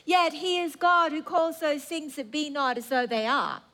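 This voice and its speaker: A woman's voice: high voice, steady tone, normal speed, fairly bright tone. A woman preacher delivering an earnest sermon with emphatic repetition.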